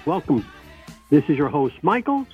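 A man's voice: a little high, very animated, moderate pace, music in the background. A man hosting a call-in radio show, joking with co-hosts and repeating welcomes. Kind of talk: casual radio talk. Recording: dull lo-fi radio sound.

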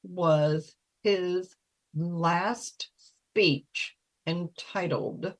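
A woman hosting a call-in radio show in a relaxed, unhurried chat, laughing often and repeating herself. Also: on the low side, poor audio.

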